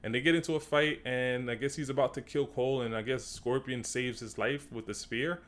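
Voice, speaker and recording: A man talking through a movie trailer in a loose, slangy way, repeating and restarting his phrases. He gets louder and higher when something bugs him, and his voice sits at an ordinary middle pitch otherwise. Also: fairly even intonation, brisk. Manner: gets worked up and rises in pitch when ranting. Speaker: video creator breaking down a movie trailer. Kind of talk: casual trailer-breakdown commentary.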